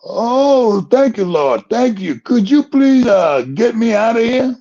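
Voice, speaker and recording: A man voicing a panicked man clinging to a branch, pleading and shouting upward for help. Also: fairly low pitch, expressive, unhurried, creaky, lo-fi sound, heavily acted. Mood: frantic.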